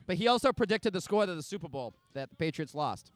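Quick, lively, high-voiced joking man. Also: no room sound. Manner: joking, playful quips. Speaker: podcast co-host. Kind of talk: casual chat, banter.

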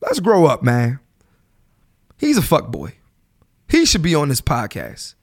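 Blunt, profane podcast host man in his thirties. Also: a little slow. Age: 30s. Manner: animated, voice jumps up high when fired up; blunt, swears freely, slangy street talk. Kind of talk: solo podcast rant, casual and profane.

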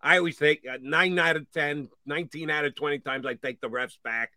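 A middle-aged sports radio host rants on his talk show, getting worked up and animated over referee calls. His voice is fairly high and brisk, recorded dry.

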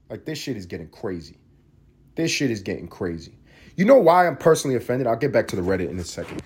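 A man's voice: fairly low pitch, sing-song, fast talker, a little mellow, husky. A man hosting a solo podcast, ranting in a profane, heated and sarcastic way. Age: adult parent. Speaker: podcast host.

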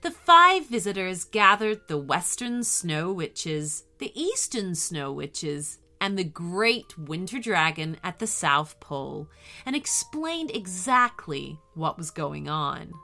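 A woman reading a bedtime story aloud in a slow, expressive, gentle way. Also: medium pitch.

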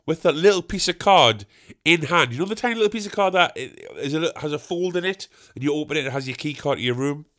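A young man hosting a podcast, telling a comic anecdote in an animated, boastful way that builds to exasperated outbursts. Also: fairly high pitch. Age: young adult. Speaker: podcast host. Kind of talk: comic storytelling.

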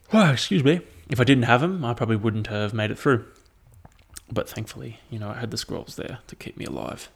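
A man's voice: lowish voice, steady tone, brisk, vocal fry. A young man hosting a solo podcast, chatting casually and rambling with frequent swearing. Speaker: podcast host.

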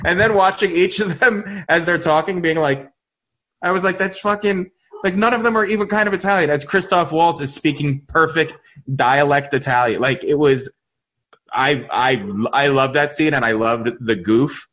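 A man's voice: a little high, moderate pace, fairly bright tone. A man co-hosting a podcast in casual chat, rambling and restarting his sentences, laughing often. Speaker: podcast co-host.

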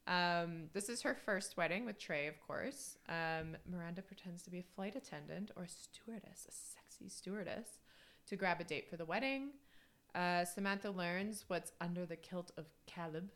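A woman in her thirties talks through a podcast episode in a loose, chatty way. Her voice is bright and forceful and sits a little low. She fills her talk with ums and laughs easily. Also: normal speed. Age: 30s. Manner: chatty, laughs often, many fillers. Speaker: podcast co-host. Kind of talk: casual chat.

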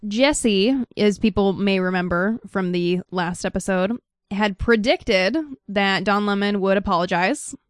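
A woman's voice: medium pitch, unhurried, no room sound, clean studio sound. A woman co-hosting a podcast, chatting casually with wry jokes. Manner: wry, joking. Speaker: podcast co-host.

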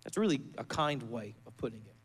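A male pastor delivering a fervent sermon in a church, building to rousing shouts and leading the congregation in prayer. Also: medium pitch, animated, a little fast, husky.

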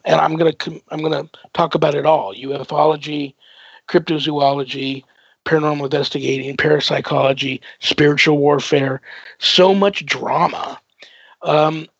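Male radio host, gravelly and husky, loose rambling delivery, dull lo-fi broadcast sound. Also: a little high, no room sound. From United States. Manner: warm-hearted rambling with many fillers. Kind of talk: casual radio interview chat. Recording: dull dry lo-fi broadcast audio.

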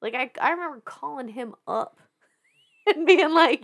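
Speaking slightly slowly in a high-pitched voice, a Southern American woman in her thirties shares a story as a guest on a podcast. Her telling is lively and relaxed, full of laughter, swearing, and false starts.

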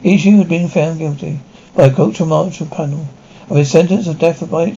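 A man reading dialogue and sound cues aloud in a flat, even way. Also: a little high, brisk, vocal fry, slightly rough. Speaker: describer. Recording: dull lo-fi recording.

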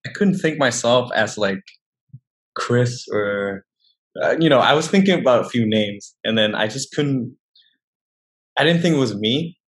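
A young man with a Vietnamese accent chats as a guest in a relaxed interview. His English is unhurried and halting, full of fillers and restarts as he looks for the words. His voice sits at an ordinary middle pitch. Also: rough recording. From northern Vietnam. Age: young adult. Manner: hesitant, many fillers and restarts. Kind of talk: casual interview chat.

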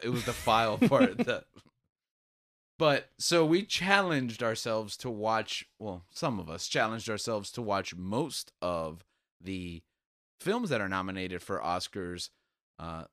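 Low-voiced male podcast host, dry sound. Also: a bit bright, no room sound. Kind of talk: casual podcast chat.

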